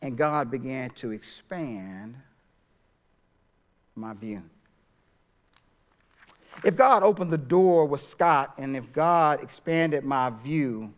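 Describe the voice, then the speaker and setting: A middle-aged man preaching a sermon as pastor, swinging from soft, drawn-out phrases to loud, emphatic ones. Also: medium pitch, dull audio.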